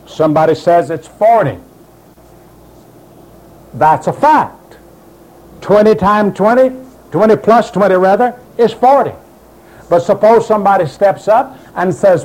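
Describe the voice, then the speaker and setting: A man's voice: high-pitched, lively intonation, slow, pauses often, a little mellow, low-quality recording. A man preaching a sermon, insistent and emphatic, quoting doubters in mocking voices.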